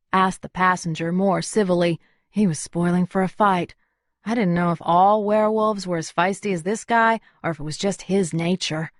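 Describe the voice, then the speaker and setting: A woman narrating a first-person audiobook in an even, measured way. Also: fairly low pitch, no room sound, clean studio sound.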